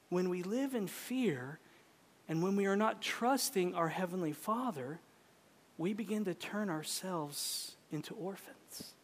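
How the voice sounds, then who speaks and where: Brief: male preacher, slow and deliberate, impassioned, long hall echo. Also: sits high. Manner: impassioned, swinging from loud to hushed. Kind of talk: sermon. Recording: echoey hall.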